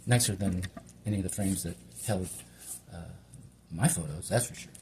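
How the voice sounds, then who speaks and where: A man's voice: deep voice, moderate pace, a little mellow, slight background noise. A middle-aged man from Hawaii chatting in a meandering, casual way while cooking, talking to himself as he works. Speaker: home cook and channel host. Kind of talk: rambling casual cooking vlog.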